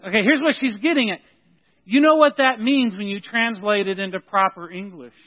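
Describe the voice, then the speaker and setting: High-voiced joking pastor in a hall. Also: male voice, brisk. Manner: folksy, joking, with frequent restarts. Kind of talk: sermon with announcements. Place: church sanctuary. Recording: tinny phone-like sound in a reverberant hall.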